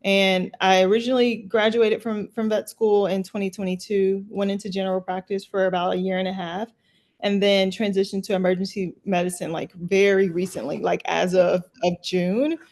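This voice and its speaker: A woman's voice: medium pitch, level tone, moderate pace, darkish tone. A young woman in her twenties, a veterinarian, answering interview questions earnestly and thoughtfully. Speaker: veterinarian guest.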